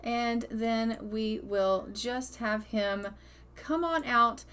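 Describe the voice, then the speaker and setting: A woman's voice: on the high side, very slow, a bit bright, clear, resonant tone. A woman giving chatty, cheerful commentary over a life-sim game, narrating what her characters do. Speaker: gaming video host. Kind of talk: casual gameplay commentary.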